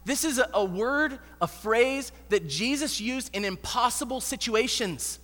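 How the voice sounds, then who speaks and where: Male preacher, animated and slangy, high bright voice, long hall reverb. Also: a little slow. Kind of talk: sermon.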